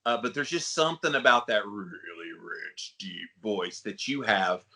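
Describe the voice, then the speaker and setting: Chatty bright-voiced male podcast host. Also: unhurried, gravelly. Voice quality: baritone voice. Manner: chatty, rambling, with frequent fillers. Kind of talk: casual podcast interview.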